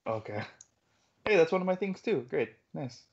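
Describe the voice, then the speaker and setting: A man's voice: fairly high pitch, sing-song, normal speed, darkish tone, muffled recording. A man playing a tabletop game, joking and teasing the other players. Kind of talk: casual tabletop game chat.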